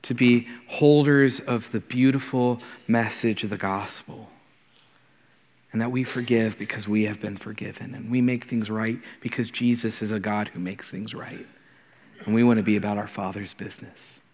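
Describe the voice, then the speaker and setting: A man's voice: fairly low pitch, fairly even intonation, moderate pace, a little mellow. A man, a pastor, preaching a conversational and earnest sermon in his thirties, often repeating words as he starts a thought. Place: church sanctuary. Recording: long hall reverb.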